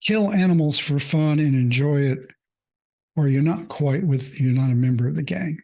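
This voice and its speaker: Here a mindfulness coach, a man with a slightly high, gravelly yet mellow voice, reflects on a personal experience. He hesitates often and leans on fillers, coming across as earnest and unguarded in his emotions.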